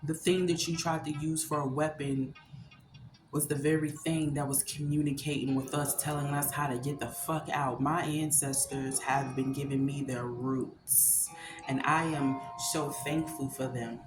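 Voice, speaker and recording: A woman with a deep, low voice delivers an impassioned, preachy spiritual monologue, cursing freely as she drives her points home. Her voice rings in a roomy, echoing space, with loud music playing behind her. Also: steady tone, measured pace. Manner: emphatic and preachy, swearing freely. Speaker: spiritual content creator.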